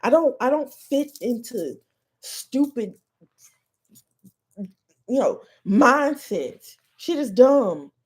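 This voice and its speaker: A woman hosting a live-stream podcast talks in a fired-up, profane rant. Her voice is husky and sits high, swinging widely up and down as she hammers her points home. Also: animated. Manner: heated, profane, fast ranting. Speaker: podcast host.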